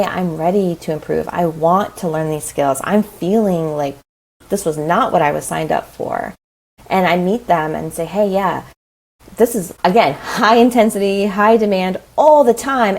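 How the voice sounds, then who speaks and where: A woman in her thirties, a parenting coach talking in a casual interview, chatty and animated, often saying "like" and "right?". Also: fairly low pitch, rough recording.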